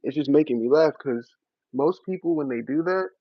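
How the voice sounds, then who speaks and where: A man's voice: fairly high pitch, normal speed, no echo. Laid-back slangy young man streaming. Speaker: streamer talking to his live chat. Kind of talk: casual live-stream chat. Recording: dry, slightly dull lo-fi audio.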